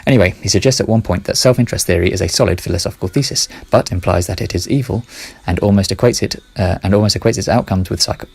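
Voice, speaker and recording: A low, gravelly man with a husky edge, talking fast through a casual solo monologue. He rambles, corrects himself mid-sentence and mutters quiet asides.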